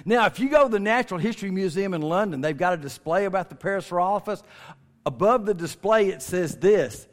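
A man's voice: high voice, animated, brisk. A man giving a folksy, joking talk to a family audience, stretching words for emphasis. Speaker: speaker at a creation ministry. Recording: long reverb of a large hall.

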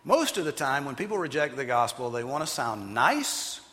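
Pastor guy preaching, really lively ups and downs, bright voice, big echoey hall. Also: medium pitch, moderate pace. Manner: animated, emphatic preaching with sudden loud acted quotes. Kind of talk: sermon.

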